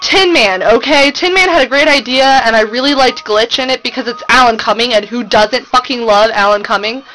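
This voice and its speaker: A young woman talking to her webcam at home in an excited, gushing, rambling fangirl vlog. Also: on the high side, fairly quick, a little hiss or hum, rough recording. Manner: gushing, breathless, rambling with fillers. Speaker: vlogger. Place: home room.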